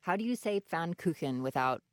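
A woman's voice: deep voice, expressive, normal speed, no echo. A woman chatting casually on a radio show about food she has eaten, often restarting and trailing off mid-sentence. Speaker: food commentator.

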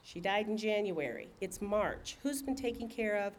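A woman reading aloud, voicing a sharp-tongued, out-of-work art teacher who answers with quick, sarcastic retorts. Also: mid-range voice, slight background noise, close to an everyday voice. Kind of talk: audiobook reading.

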